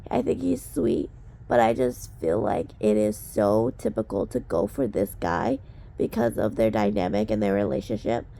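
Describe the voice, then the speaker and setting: A sick woman vlogger with a hoarse, drowsy voice, chatting casually. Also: a bass voice, wildly swooping pitch, moderate pace, dark tone. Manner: drowsy, croaky talk. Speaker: book vlogger. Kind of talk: casual vlog chat.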